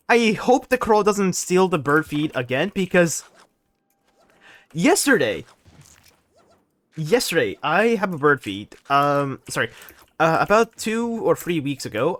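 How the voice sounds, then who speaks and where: Young man, game streamer, rambling, laughs a lot, pitch swinging up and down. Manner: animated, rambling, laughs often. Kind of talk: casual live-stream chat while gaming.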